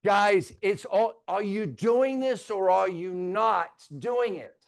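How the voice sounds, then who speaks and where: Brief: male trainer, high voice, theatrical and teasing with the crowd, onstage. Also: slow pace, vocal fry. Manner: theatrical, teasing, swings loud and soft. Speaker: real estate trainer. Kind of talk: live training talk to an audience. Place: stage before a live audience.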